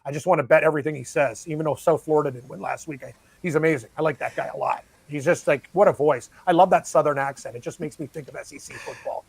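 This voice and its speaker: Male guest, sports gambling pundit, high-pitched voice, dry close sound, energetic rambling. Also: creaky, husky, dry recording. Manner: excitable, fast-rambling, laughs easily. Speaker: sports betting analyst guest. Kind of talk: casual chat.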